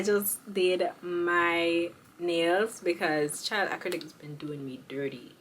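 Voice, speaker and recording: A woman's voice: on the low side, slow pace, slight background noise. A young woman, chatting casually and with slang to her viewers in a beauty vlog. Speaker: beauty vlogger.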